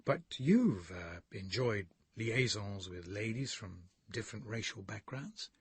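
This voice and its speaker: A man voicing a nervous, timid male colleague, speaking hesitantly and low. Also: expressive, a little slow, breathy edge, no room sound, exaggerated voice. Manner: hesitant, hushed.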